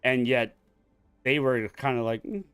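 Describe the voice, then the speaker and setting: A man's voice: mid-range voice, moderate pace, a bit bright, no echo. A man in his forties chatting casually while gaming online, telling a long, profane story from work in a rambling way. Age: 40s. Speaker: gaming streamer.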